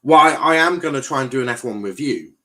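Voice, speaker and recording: Quick and lively, this young man's mid-range voice has a fairly bright tone as he streams a football watchalong. He chats casually, reads viewer comments out loud, and rambles with repeated phrases and many fillers.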